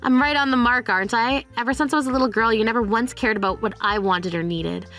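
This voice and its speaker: A woman's voice: a little high, fast talker, a bit bright. Synthetic woman voicing a blunt fed-up divorcee. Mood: firm. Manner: cold, blunt. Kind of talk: text-to-speech text story. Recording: faint music underneath.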